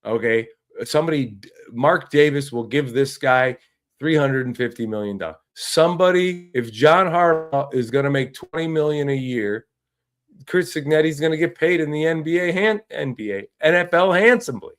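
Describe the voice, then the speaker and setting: A man's voice: on the high side, animated, moderate pace. A man hosting a casual sports talk podcast, ranting in a frustrated way and often restarting his sentences. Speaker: podcast host.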